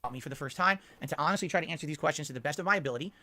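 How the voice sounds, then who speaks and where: A male streamer speaks with a high, bright voice at a fast clip. He sounds aggrieved and self-pitying as he complains to his audience. The delivery is defensive throughout.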